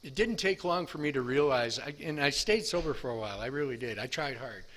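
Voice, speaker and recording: A man's voice: medium pitch, lively intonation, a little fast, a bit bright. Candid man rambling through a recovery story. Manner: rambling, candid, self-deprecating with restarts. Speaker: speaker sharing his recovery story. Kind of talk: personal testimony.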